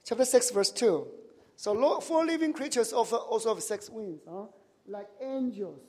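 A man preaching a sermon in a high, light voice that rings out through a church hall with long reverb. He keeps asking the congregation questions, checks in with "right?" and "huh?", and speaks with nonnative grammar. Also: lively intonation, moderate pace, a little mellow. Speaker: pastor.

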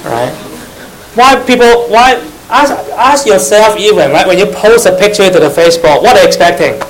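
Man, preaching, higher voice, quizzes his listeners, repeats key phrases, faint background hiss. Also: big pitch swings, normal speed, rough recording. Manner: asks the audience questions, repeats phrases, teasing asides. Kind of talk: sermon to young church members.

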